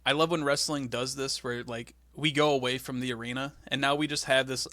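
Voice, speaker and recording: Bright-voiced man joking through a recap. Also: medium pitch, brisk, no echo. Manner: animated, acts out scenes with silly voices. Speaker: podcast co-host. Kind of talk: casual comedic recap chat.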